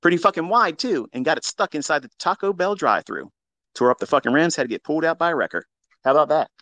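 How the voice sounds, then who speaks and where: Man, profane storyteller, mocking, loud bursts, dry sound. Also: fairly high pitch, big pitch swings, fast, no echo. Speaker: trading educator on a live audio space. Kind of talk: casual storytelling monologue.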